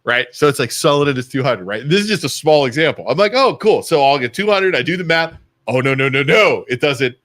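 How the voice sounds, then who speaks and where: A man's voice: medium pitch, lively intonation, a little fast, a bit bright, dry recording. A man with an Ohio accent hosting a casual local talk radio show, telling offhand stories. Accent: Northeast Ohio American. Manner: conversational, offhand storytelling. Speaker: host.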